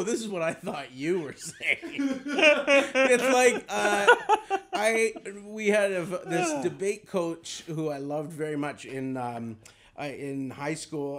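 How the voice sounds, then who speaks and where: A man in his thirties with a notably high voice chats loosely on a comedy podcast. He rambles through stories and laughs often as he goes. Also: fairly bright tone. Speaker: guest comedian. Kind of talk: casual chat.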